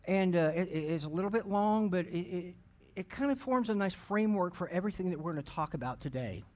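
A man's voice: high voice, expressive, fast, darkish tone. A middle-aged man, an associate pastor in a church, praying and preaching in a folksy, joking way with many restarts. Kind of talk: church sermon and prayer. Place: church sanctuary.

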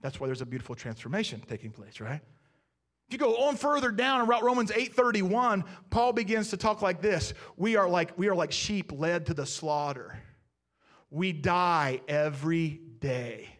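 A man's voice: high voice, animated, moderate pace, a bit bright. A man preaching a sermon as pastor, talking conversationally and asking the congregation questions.

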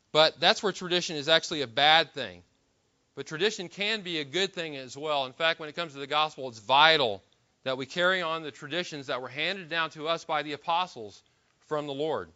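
A man's voice: on the high side, a little fast, bright, forceful tone, lo-fi sound. A man preaching a sermon in an emphatic manner, with frequent restarts and rhetorical questions. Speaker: pastor.

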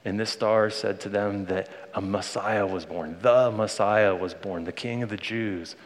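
A man in his thirties gives a sermon in a church sanctuary, talking to the congregation in a warm, conversational way. His voice sits a little low, and a long reverb trails after his words in the large hall. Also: unhurried. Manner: conversational, earnest, speaks to the congregation directly. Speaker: pastor.

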